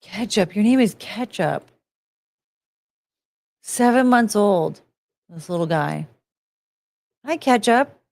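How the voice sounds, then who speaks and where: A woman's voice: medium pitch, lively intonation, slow pace, vocal fry, long pauses, darkish tone, dry recording. A young woman streaming casually, gushing and cooing over pictures of dogs. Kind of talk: casual live-stream chat.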